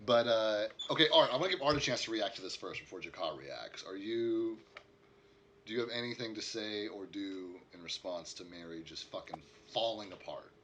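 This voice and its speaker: A man narrating as the game master of a tabletop game, in an animated, self-correcting way. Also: fairly low pitch, normal speed, slight background noise.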